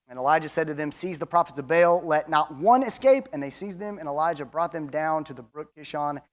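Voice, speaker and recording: A man's voice: a little high, a little fast. A man teaching a Bible class in a casual, chatty way, reading scripture passages aloud between his own comments and asides. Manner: conversational, chatty, with asides and fillers.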